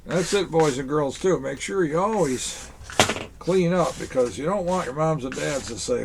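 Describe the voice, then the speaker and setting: Gravelly man as Santa talking to kids. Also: a little high, normal speed, darkish tone, a little hiss or hum. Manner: folksy, chatty, talks straight to children. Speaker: Santa Claus performer hosting a kids' craft show. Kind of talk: children's craft demonstration.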